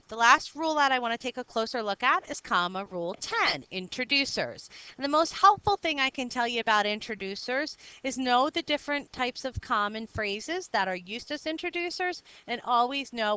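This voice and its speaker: A woman teaches a recorded grammar lesson, her voice bright and clean, close and dry with no room sound. She explains patiently, step by step, and checks in with her students as she goes. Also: fairly high pitch, clear, resonant tone, no echo, low-quality recording.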